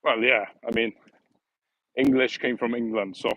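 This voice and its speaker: A man's voice: medium pitch, fairly even intonation, moderate pace, sharp tone, no echo, lo-fi sound. A young man with a Welsh accent, chatting casually to viewers on a live stream from outdoors, often laughing as he reads out and answers comments. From Wales. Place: outdoors on an early summer evening. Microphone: phone on mobile data.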